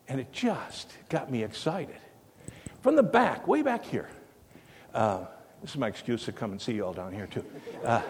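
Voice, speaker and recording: A man's voice: medium pitch, darkish tone. An older man telling a rambling story in a sermon, full of fillers and restarts, recorded in a church. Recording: long hall reverb.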